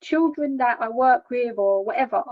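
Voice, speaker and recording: Woman, fairly high voice, plain halting testimony, dull lo-fi sound. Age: adult. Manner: plain, halting, repeats words when emotional. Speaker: charity founder sharing her story. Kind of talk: personal testimony. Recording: dull lo-fi recording.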